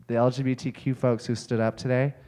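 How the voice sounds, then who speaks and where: A man's voice: mid-range voice, flat delivery, brisk, dark tone. A young man giving a speech to an audience, telling a candid personal story and laughing often as he goes. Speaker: speaker at an event. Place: auditorium with audience.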